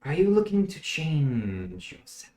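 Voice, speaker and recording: A hushed, sinister fey warden, put on by a man for a tabletop game, speaking slowly and with a quiet menace. He weighs each word in an ominous, measured way. The recording carries a roomy echo. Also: fairly high pitch, sing-song, voice pushed up. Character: soft-spoken sinister male fey warden. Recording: echoey room.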